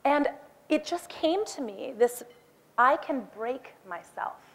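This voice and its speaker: A woman in her forties giving a talk on stage, lively and acting out her own lines with a raised voice. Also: high-pitched, slow pace. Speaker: speaker. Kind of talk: animated personal storytelling talk.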